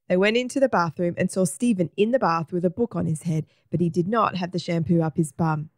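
A woman narrating a children's story aloud in a clear, even way. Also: fairly low pitch, brisk, few pauses, no echo, studio quality. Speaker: storybook reader.

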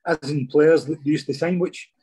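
Scottish man, dark husky voice, chatty storyteller. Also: on the high side, steady tone, normal speed. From Scotland. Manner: chatty, says "mate" a lot. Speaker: guest, former footballer. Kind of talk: casual storytelling interview.

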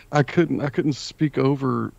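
A man's voice: mid-range voice, takes it slowly, vocal fry, darkish tone, husky, no room sound. A man joining a podcast as a guest, easygoing and laughing along. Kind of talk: casual podcast chat. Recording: lo-fi audio with faint noise.

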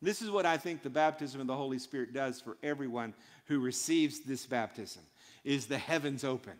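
A pastor preaches a sermon in a church sanctuary, emphatic and leaning on short repeated phrases. His mid-range voice runs at normal speed, with long hall reverb on the recording.

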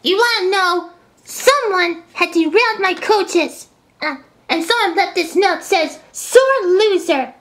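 A performer with a very high voice playing an indignant female train engine in a fan-made toy train video. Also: takes it slowly, a bit bright, heavily acted.

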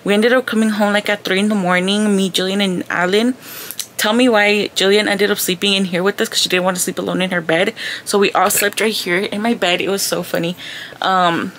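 A woman's voice: mid-range voice, steady tone, a little fast, a bit bright, slight background noise. A young woman talking casually to her vlog viewers, chatty and loose, sprinkling in Spanish words. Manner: chatty, says "like" and "girl" a lot, mixes in Spanish words. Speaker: vlogger. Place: at home in her bedroom.

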